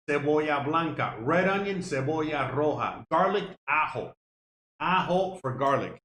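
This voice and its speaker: A man's voice: fairly high pitch, fairly bright tone, slight background noise. A Cuban-born man hosting his cooking live stream, chatting casually with viewers in a rambling, profane way. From Cuba. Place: home kitchen. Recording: echoey room with faint music.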